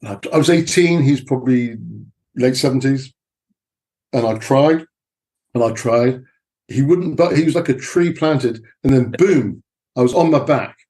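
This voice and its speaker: A man's voice: mid-range voice, moderate pace, a little mellow. A middle-aged man from England, a film director chatting as a guest and telling stories with many fillers and restarts. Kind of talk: casual interview chat.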